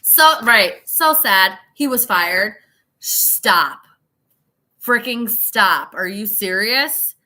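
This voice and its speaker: Bright-voiced tipsy woman reading tarot. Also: medium pitch, animated, very slow. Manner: chatty, swearing, laughing, dramatic asides. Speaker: tarot reader. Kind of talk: casual live tarot reading.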